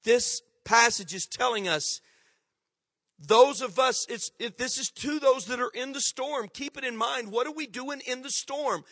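Male pastor, sermon, emphatic, high pitch, dry close sound. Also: a little slow, fairly bright tone, no room sound, big-room sound. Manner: emphatic, repetitive exhortation.

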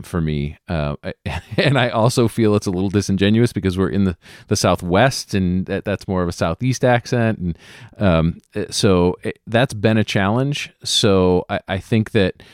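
A man chatting on a podcast about playing his tabletop game characters, pausing often with ums and restarts. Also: sits low, clear, resonant tone, dry recording, clean studio sound. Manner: hesitant, many ums and restarts. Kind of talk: casual podcast chat.

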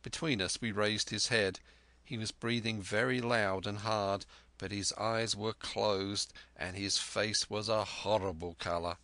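A man narrating a storybook tale in a measured, vivid reading. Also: lowish voice, fairly even intonation, pushed and bright, dry recording.

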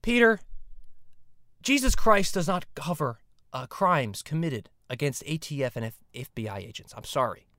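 A man doing a calm gentle Jesus. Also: fairly high pitch, moderate pace, dry recording, clean studio sound. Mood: apologetic. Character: calm, helpful Jesus figure, adult man. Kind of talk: parody voice acting.

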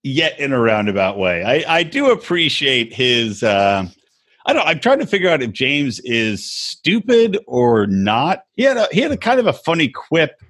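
A man's voice: medium pitch, moderate pace. A man co-hosting a casual podcast about reality TV, ranting in a crude, mocking way. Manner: crude, animated, mocking rants. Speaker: podcast co-host.

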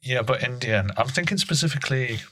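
A man co-hosting a comedy podcast, with deadpan, mock-serious banter. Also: mid-range voice, a little fast. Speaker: podcast co-host.

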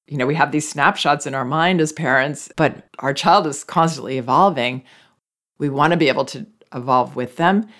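Listener questions are handled unhurriedly by this parenting advice host, who chats in a medium-pitched, patient, measured voice. The tone is calm, reflective and gently comforting, like explaining things to parents having a hard time.

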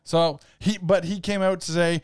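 A man's voice: high-pitched, fairly even intonation, moderate pace, clean tone, dry recording. A man co-hosting a casual podcast, easygoing, laughing often and bringing up the next topic. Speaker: podcast co-host.

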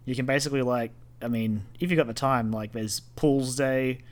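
A man's voice: mid-range voice, steady tone, normal speed. A man co-hosting a casual gaming podcast, speaking in an offhand way and explaining things plainly. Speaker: podcast co-host.

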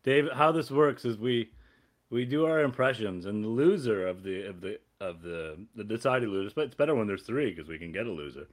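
A man's voice: fairly low pitch, fairly quick. A man hosting a casual podcast chat, goofy and prone to laughing. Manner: laughs a lot, goofy and animated. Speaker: podcast host.

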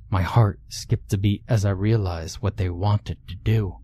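A man narrating a scripted horror story in a measured, hushed storytelling way. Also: low voice, steady tone, slightly rough, dry recording.

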